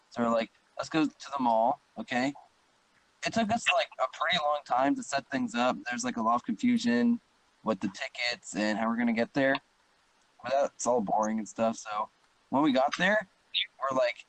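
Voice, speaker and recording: A man's voice: medium pitch, expressive, normal speed, rough recording. A man with a mid-range voice co-hosts a casual podcast among friends. He rambles through his stories, full of fillers, and steers the talk to the next topic. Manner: rambling storyteller with many fillers, sets up topics. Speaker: podcast co-host.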